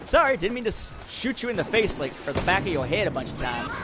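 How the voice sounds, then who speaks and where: A man's voice: high-pitched, animated, fairly quick, noisy background. Chatty thirties man gaming live. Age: 30s. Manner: rambling, talks to chat while playing a shooter. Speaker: livestream podcast host. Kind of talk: casual chat while gaming. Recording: loud game sounds behind. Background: shooter game audio.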